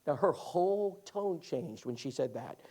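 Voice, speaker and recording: Animated, folksy man teaching. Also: fairly high pitch, a little slow. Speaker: Bible class teacher. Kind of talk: lively classroom storytelling.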